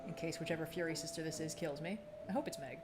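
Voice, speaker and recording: A woman's voice: low-pitched, fast, loud music behind the voice. Playful woman commentating a game. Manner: playful, jokey banter. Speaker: host playing the game. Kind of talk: let's play commentary.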